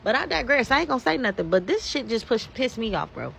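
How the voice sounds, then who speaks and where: A woman's voice: a little high, sing-song, fast, gravelly, a bit bright, a little hiss or hum. A woman, delivering an angry, profane rant to her followers. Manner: heated, profane, emphatic. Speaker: social media commentator. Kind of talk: angry ranting monologue.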